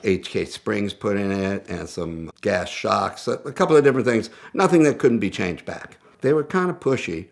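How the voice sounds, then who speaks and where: A man with a low, gravelly voice tells a story casually. He is animated and conversational and often restarts his sentences mid-thought. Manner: animated, conversational, self-interrupting. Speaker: guest storyteller.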